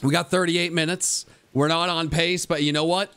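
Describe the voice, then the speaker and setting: A man streaming a video game live, muttering to himself and joking with chat, sometimes breaking into high-pitched yelling. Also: normal speed, creaky, few pauses, clean tone. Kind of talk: live gameplay commentary.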